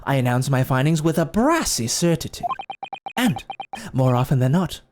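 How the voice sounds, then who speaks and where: A man voicing a pompous, boastful gentleman detective from a game, talking in a grandiose, theatrical way. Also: mid-range voice, big pitch swings, moderate pace, pitched below the performer's own voice, close to an everyday voice. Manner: grandiose, theatrical, self-assured. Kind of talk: reading game dialogue aloud. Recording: game music playing behind.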